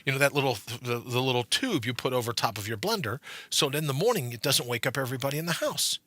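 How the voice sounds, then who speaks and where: A man's voice: medium pitch, quick pace, no echo. Chatty guy on a podcast, swoops up and down a lot, dry close mic. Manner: animated storyteller, acts out voices in anecdotes. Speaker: co-host. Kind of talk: casual chat. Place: podcast studio.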